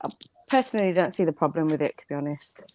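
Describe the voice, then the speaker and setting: A woman's voice: deep voice, lively intonation, quick pace, darkish tone, a little hiss or hum. A woman with a Black Country accent, bantering and swearing on a casual live stream. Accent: Black Country English. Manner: teasing, swears, defends her vowels.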